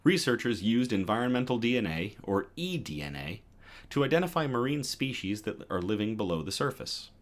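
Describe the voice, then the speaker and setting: A man hosting a news livestream, reading stories aloud and chatting with viewers between them in a lively, self-correcting way. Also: on the low side. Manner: lively, reads chat comments aloud and self-corrects with a laugh. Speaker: news show host.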